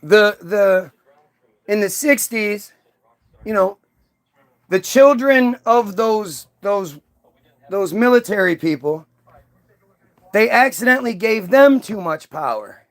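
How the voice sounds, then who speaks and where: A man's voice: high-pitched, expressive, takes it slowly, long pauses. A man hosting a profane, rambling rant monologue, full of restarts and swearing. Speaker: host.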